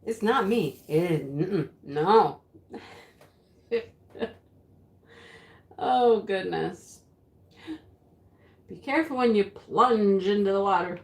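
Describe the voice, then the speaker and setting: A chatty home-craft streamer who keeps losing the thread; unhurried, lilting talk, roomy sound. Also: female voice, mid-range voice, animated. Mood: giggly flustered. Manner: rambling, giggles often, easily flustered. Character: rambling, giggly woman hosting a home craft livestream. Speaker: home craft livestream host. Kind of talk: sketch comedy character acting. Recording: roomy echo.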